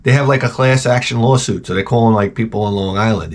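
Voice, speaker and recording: A man's voice: on the low side, fast talker, few pauses, a little hiss or hum. A man hosting a show, rambling through crude comedic chat and trailing off into mumbled asides. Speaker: show host.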